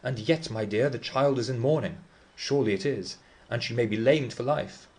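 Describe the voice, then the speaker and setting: A man voicing a genteel lady who exclaims in shocked, indignant tones, pitched well above his own voice. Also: normal speed, darkish tone, lightly acted.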